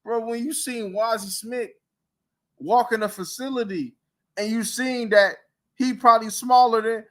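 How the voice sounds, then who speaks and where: A man's voice: very high voice, fairly even intonation, measured pace, fairly bright tone. A man hosting a casual sports talk show, ranting in a heated, mocking way with rhetorical questions. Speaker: podcast host.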